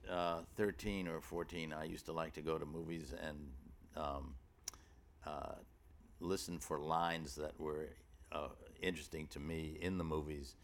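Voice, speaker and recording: A man from New York talking onstage as an author, rambling through stories in halting bursts full of fillers and restarts, with a wry edge. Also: extremely low pitch, a little hiss or hum. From New York City. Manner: wry storyteller. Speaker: author in a public conversation. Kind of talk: live onstage conversation.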